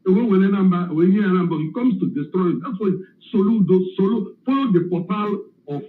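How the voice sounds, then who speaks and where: An emotional man calls in and explains his point slowly and with emphasis. His voice is high, heard over a tinny phone line with a roomy echo. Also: animated. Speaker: caller.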